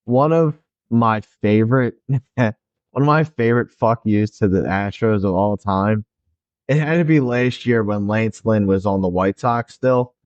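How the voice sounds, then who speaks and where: A man's voice: fairly low pitch, a little slow, no echo, muffled recording. A man co-hosting a casual sports podcast, telling stories with energy and acting out what players said. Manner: animated storyteller, acts out players' lines. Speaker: podcast co-host.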